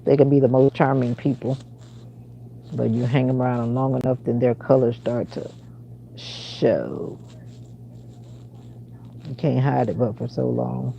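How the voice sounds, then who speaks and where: Woman, low gravelly voice, casual livestream chat, replies to viewer comments, noisy background. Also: unhurried, pauses often, dark tone. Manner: chatty, answers viewer comments aloud. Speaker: livestream host.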